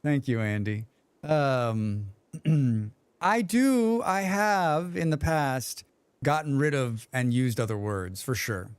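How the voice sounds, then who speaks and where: A man's voice: medium pitch, slow, clear, resonant tone, no room sound. A man streaming a game, chatting with his viewers in a joking, rambling way and humming to himself. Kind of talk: casual livestream chat.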